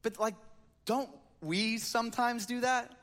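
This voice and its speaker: A man's voice: extremely high pitch, fairly even intonation, a little slow, fairly bright tone. A man preaching a sermon from a stage, reading scripture and breaking into conversational, joking asides. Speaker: pastor. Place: church stage.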